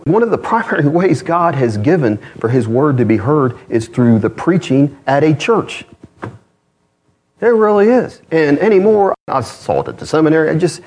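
A man preaching a sermon as pastor, conversational, with self-deprecating asides and lively swings in pitch. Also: normal speed.

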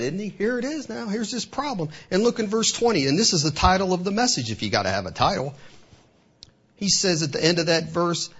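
A man's voice: high-pitched, fairly bright tone, husky. A man preaching a sermon, asking rhetorical questions and acting out the devil's taunts. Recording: dull lo-fi recording.

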